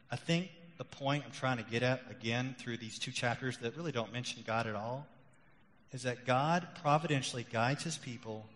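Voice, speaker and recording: A middle-aged male pastor preaching a sermon, rising loud and emphatic on key points, then dropping quiet and confessional. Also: mid-range voice. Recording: long hall reverb.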